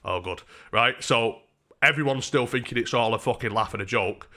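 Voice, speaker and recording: A man's voice: mid-range voice, moderate pace. A young man on a home live stream, telling a rambling, sweary story with lots of restarts. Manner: sweary, rambling, restarts a lot, animated when quoting. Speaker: livestreamer. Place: home kitchen.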